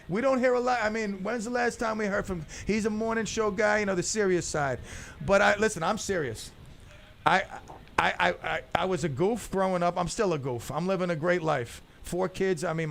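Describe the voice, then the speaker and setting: A middle-aged man hosts a talk radio show in a high, gravelly voice. He jokes around and rambles, stumbling over his words as he goes. He speaks into a studio microphone. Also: moderate pace, a bit bright. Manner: jokey, rambling storyteller with many restarts. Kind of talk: casual talk radio banter.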